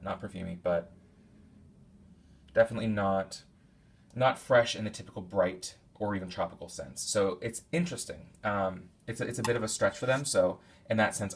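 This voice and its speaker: A man giving a casual, rambling product review, thinking aloud with many fillers and restarts. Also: sits low. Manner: detailed, thinks aloud while describing scents. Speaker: candle reviewer.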